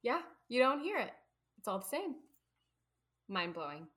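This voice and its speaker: Husky, lively Midwestern woman. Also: fairly high pitch, normal speed. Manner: laughs easily, teasing. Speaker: Bible study podcast co-host. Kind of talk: casual chat.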